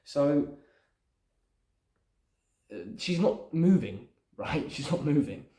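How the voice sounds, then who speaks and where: A man's voice: a little high, big pitch swings, slow pace, warm tone, echoey room. A young man casually breaking down his film script, rambling and thinking aloud with lots of fillers. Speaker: aspiring screenwriter.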